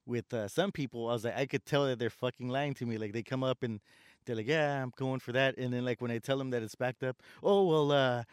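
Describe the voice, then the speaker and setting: Smooth-voiced man ranting about customers. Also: medium pitch, dry recording, clean studio sound. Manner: ranting storyteller, swears, acts out customers. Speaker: store door greeter in customer service. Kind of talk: casual chat.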